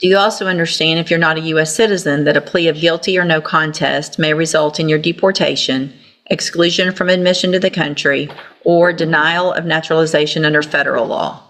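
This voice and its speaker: A woman's voice: deep voice, fairly even intonation, a little fast, fairly bright tone. A woman judge, presiding in court and scolding a defendant in a stern, commanding way. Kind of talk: courtroom proceedings.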